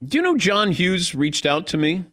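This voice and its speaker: Male radio host, casual and lively, close dry studio mic. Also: high voice, normal speed, no room sound. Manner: lively, laughs often, takes calls.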